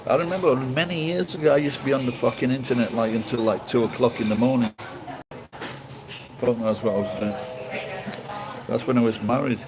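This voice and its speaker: A middle-aged man from Sheffield with a softened Yorkshire accent, rambling through a late-night monologue, swearing casually and restarting his sentences. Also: medium pitch, a little fast, long pauses, noisy background. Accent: Yorkshire English, softened. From Sheffield, England. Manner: meandering, swears casually, many restarts and fillers.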